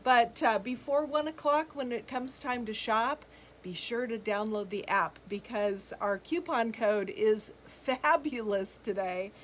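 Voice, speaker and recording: A woman's voice: on the high side, a little slow, a bit bright, slight background noise. Chatty woman hosting live sale. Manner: chatty, greets viewers by name, frequent ums and laughs. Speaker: boutique live-sale host. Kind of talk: casual live-stream chat reading viewer comments.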